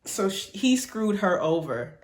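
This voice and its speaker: A young woman reacting casually to a show, her voice expressive and full of emotional exclamations. She speaks at a middle pitch with faint music behind her. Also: measured pace. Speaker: reaction video host.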